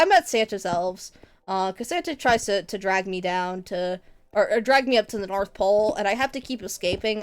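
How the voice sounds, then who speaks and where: A woman streaming a game, chatting casually with viewers in a rambling, goofy, giggly way. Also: mid-range voice. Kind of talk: casual live-stream chat while gaming.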